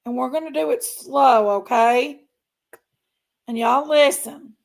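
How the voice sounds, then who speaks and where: A woman with a high voice speaks slowly while hosting a casual true crime talk stream for her channel. She chats directly with viewers, tending to trail off and repeat herself.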